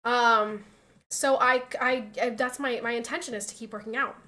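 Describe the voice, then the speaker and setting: A woman's voice: on the high side, fairly even intonation, moderate pace, pushed and bright. A young woman streamer chatting casually with her viewers, laughing often and acting out what other people said. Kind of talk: casual chat reading viewer messages.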